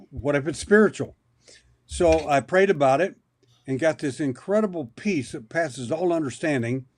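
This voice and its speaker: A man as a podcast guest, telling a long personal story in a rambling, anecdotal way, often restarting his sentences. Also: on the high side. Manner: rambling, anecdotal, with many repeated starts. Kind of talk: storytelling in an interview.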